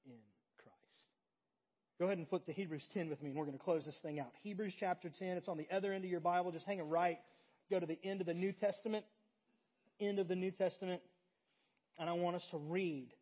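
A young adult man preaching a sermon, telling a story with big swings between loud animated moments and quiet intimate ones. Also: sits high, breathy edge, dull audio. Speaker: pastor.

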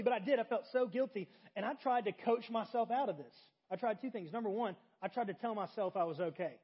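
A young adult man preaching a sermon, telling a story with big swings between loud animated moments and quiet intimate ones. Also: high-pitched, husky, muffled recording. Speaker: pastor.

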